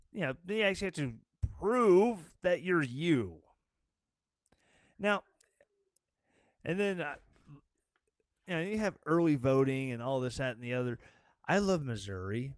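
A man's voice: on the high side, expressive, measured pace, pauses often, no echo, studio quality. A man hosting his own talk show, ranting in a rambling, sarcastic way. He sounds tired. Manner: sarcastic, rambling, with mocking quoted voices. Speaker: show host. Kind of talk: casual political rant.

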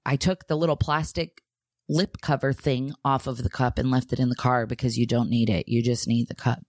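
A woman's voice: extremely low pitch, fairly even intonation, fairly quick, darkish tone, no echo, studio quality. A woman co-hosting a podcast, candidly telling an emotional story about her young son in casual chat. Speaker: podcast co-host.

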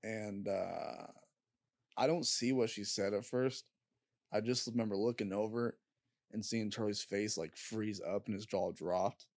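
A young man guest on a podcast, telling a story in casual chat, halting with lots of fillers and swearing. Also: lowish voice, a little mellow, no echo, studio quality.

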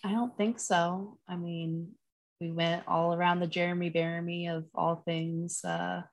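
A woman with a noticeably low speaking voice, chatting casually as a podcast co-host. She is in her thirties, uses plenty of fillers, and gets animated when she retells moments from home. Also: measured pace, gravelly. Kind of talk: casual chat.

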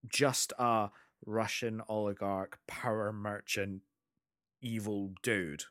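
Low-voiced man in casual film chat. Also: slow, no room sound, clean studio sound. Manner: animated storyteller, many restarts.

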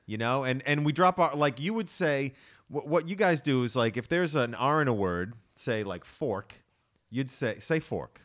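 A man's voice: mid-range voice, moderate pace. A young man with an American accent, originally from Boston, chatting animatedly on a podcast. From Boston, USA. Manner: animated, jokey storytelling. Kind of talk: casual podcast chat.

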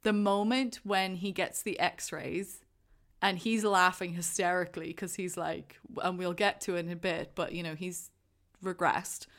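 A woman co-hosting a casual chat about a film, animated and acting out scenes she loves. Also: on the low side, unhurried. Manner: animated, acts out quotes with rising excitement. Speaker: podcast co-host.

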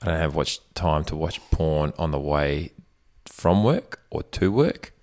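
Deep-voiced joking man. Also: measured pace. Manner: joking, deadpan asides. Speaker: podcast co-host. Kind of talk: casual chat.

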